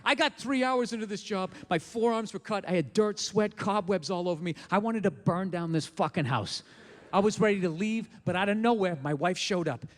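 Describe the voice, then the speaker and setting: A man's voice: high voice, fairly quick, in a large hall. A man performing a stand-up comedy set on a live stage mic, blunt, profane and ranting with sarcasm.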